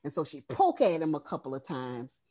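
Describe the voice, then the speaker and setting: A woman's voice: deep voice, wildly swooping pitch, fairly quick, warm tone. A woman co-hosting a podcast, recapping a horror film in casual, profane storytelling. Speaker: podcast co-host.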